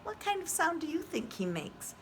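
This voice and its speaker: A woman's voice: very high voice, sing-song, slight background noise. A woman who is a preschool teacher, reading a picture book aloud to young children and asking them questions. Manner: gentle, slow and questioning, speaking to little kids.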